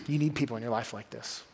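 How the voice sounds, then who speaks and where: A man's voice: mid-range voice, very animated, a little fast, creaky, husky. A young adult man, preaching a sermon as a groups pastor in a conversational storytelling way. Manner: conversational storytelling, drops to quiet intensity.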